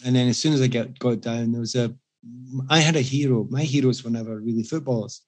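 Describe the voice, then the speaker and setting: A Scottish man chatting with friends, spinning lively, self-mocking stories with a husky, breathy voice. His pitch sits in the middle range for a man. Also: fast talker. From Scotland. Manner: animated anecdotes, self-mocking. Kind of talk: casual chat.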